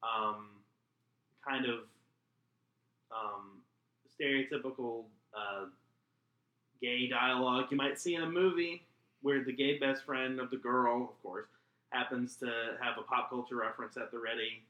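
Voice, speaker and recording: A man's voice: mid-range voice, steady tone, measured pace, pauses often, reverberant, highs cut off. A man co-hosting a podcast, chatting casually in a sarcastic, exasperated way. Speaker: podcast co-host. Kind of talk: casual chat.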